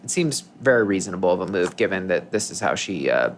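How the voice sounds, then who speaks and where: Speaking quickly in a low, sing-song voice, another podcast co-host chats casually, wandering off topic, breaking off mid-sentence to start again, and joking throughout. A faint hiss or hum sits under the recording.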